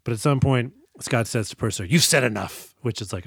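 A man's voice: medium pitch, moderate pace, creaky, slightly rough, dry recording, studio quality. A man co-hosting a casual movie podcast, joking, laughing often and acting out lines from the film. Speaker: podcast co-host. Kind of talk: casual movie review banter.

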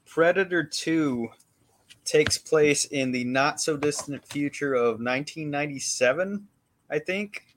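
A man's voice: fairly high pitch, measured pace, slight background noise. A man co-hosting a podcast, giving a rambling, laid-back movie recap in casual chat. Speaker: podcast co-host.

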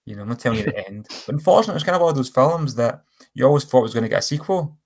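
Rambling enthusiastically about films, a male podcast co-host keeps correcting himself in casual chat. He talks rapid-fire in a mid-range, slightly mellow voice with lively intonation.

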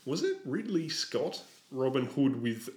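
A man's voice: medium pitch, very animated, measured pace, a little mellow, roomy sound. A man co-hosting a podcast in casual chat, sarcastic and swearing freely. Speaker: podcast co-host.

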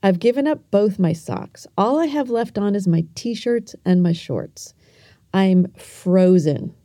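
A middle-aged woman hosting a podcast who tells a story and teaches kids in an earnest, gentle way, speaking directly to the listener. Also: mid-range voice, expressive, slow, dry recording, studio quality. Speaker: podcast host.

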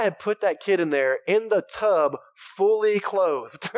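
Pastor in his thirties, a fairly high voice, dry close mic, casual sermon with jokes. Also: lively intonation, measured pace, hardly any pauses, no echo. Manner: conversational, joking with the congregation.

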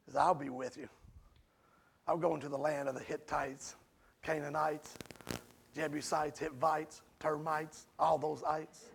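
A man preaching a sermon emphatically, swinging from hushed asides to near-shouting. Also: on the high side, little pitch movement, unhurried, vocal fry, slight background noise.

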